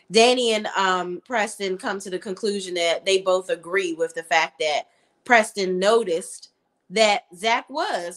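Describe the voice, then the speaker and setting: Woman show reviewer, casual recap, blunt and slangy, middle pitch. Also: a bit bright.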